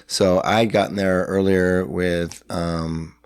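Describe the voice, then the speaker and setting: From a hotel room, a middle-aged San Antonio, Texas man chats as a podcast guest, rambling through a long story full of fillers and restarts while acting out what others said. His voice is low-pitched, level, slow, clear and resonant, recorded dry at studio quality.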